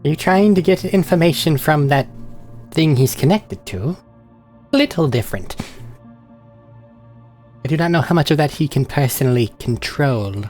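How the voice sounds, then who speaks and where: Someone putting on a croaky hag healer. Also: mid-range voice, expressive, normal speed, long pauses, a little mellow, faint music behind, lightly acted. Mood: guarded. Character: hag-voiced mysterious healer.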